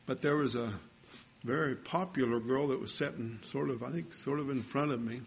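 A man's voice: mid-range voice, normal speed, creaky, slight background noise. An older man preaching a sermon, telling a story in a folksy way and building to fervent exhortation.

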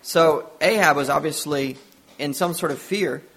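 A man's voice: fairly high pitch, a little slow, creaky, a bit bright, breathy edge. A man preaching a sermon, retelling a Bible story with earnest storytelling and acted-out dialogue.

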